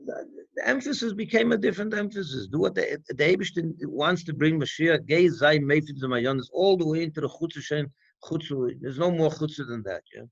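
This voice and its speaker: A rabbi gives a farbrengen talk in a loose, conversational teaching style, constantly firing off rhetorical questions and circling back to restart his thoughts. His fairly high voice has a lilt and is brisk, creaky and husky. The recording sounds dull and dry.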